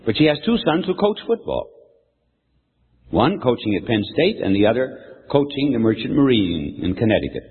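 A man's voice: mid-range voice, very animated, normal speed, husky. An older man preaching a sermon, telling a folksy story and quizzing his audience. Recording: echoey hall, tinny phone-like sound.

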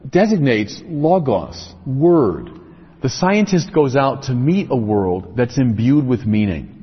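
Husky-voiced man lecturing in an echoey hall. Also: medium pitch. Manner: explanatory, builds points in lists and rhetorical questions. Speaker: speaker on religion. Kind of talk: lecture-style religious talk. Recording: echoey, dull lo-fi recording.

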